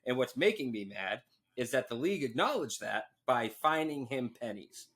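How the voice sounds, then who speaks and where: Podcast co-host, young man, bright tense voice, profane and animated. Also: medium pitch, normal speed. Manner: profane, animated, laughs a lot. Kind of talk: casual chat.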